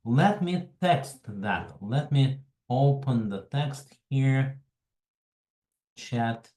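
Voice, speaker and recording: A man from Russia with a Russian accent, hosting an online webinar in a slow, halting way and greeting attendees by name. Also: mid-range voice, animated, dark tone, echoey room, rough recording. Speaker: webinar host. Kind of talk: casual online presentation.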